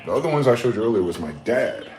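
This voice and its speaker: A man's voice: medium pitch, animated, quick pace, darkish tone. A man giving a rambling, profane late-night monologue, full of repeated phrases and rhetorical questions, in a slangy casual way of talking. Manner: talks in a casual slangy way, says "y'all" and "bro". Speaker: solo streamer. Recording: clear background noise with passing vehicles.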